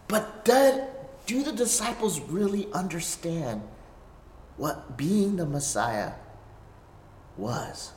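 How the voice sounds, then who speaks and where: A pastor preaching a sermon, swinging between emphatic declarations and hushed asides, often asking "right?". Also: mid-range voice, very animated, slow, pauses often. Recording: echoey reverberant hall.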